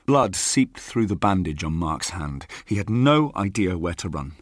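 A man narrating a third-person audiobook in a measured, steady way. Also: low voice, dry recording, clean studio sound.

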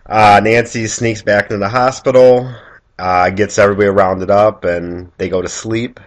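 Lower-voiced man recapping plot. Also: normal speed. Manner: relaxed plot recapping, chuckles. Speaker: podcast co-host. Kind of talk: casual chat.

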